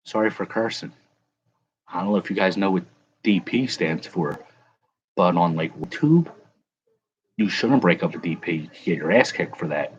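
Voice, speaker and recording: A man's voice: sits low, animated, moderate pace, pauses often, highs cut off, a little hiss or hum. A man hosting a casual live chat, rambling and correcting himself as he answers viewers. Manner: rambling, self-correcting, chuckling. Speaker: livestream host.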